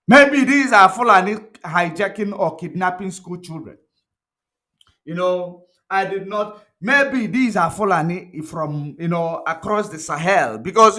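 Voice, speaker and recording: A man's voice: sits high, a bit bright. A man giving a political commentary vlog, emphatic and repetitive, full of "you know" fillers. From Nigeria. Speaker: political blogger.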